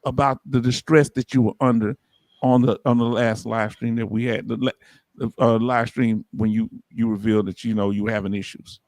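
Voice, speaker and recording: A man with a Southern US accent hosting a casual livestream, reading viewer comments aloud in a lively, folksy way. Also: mid-range voice, brisk, no echo. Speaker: livestream host.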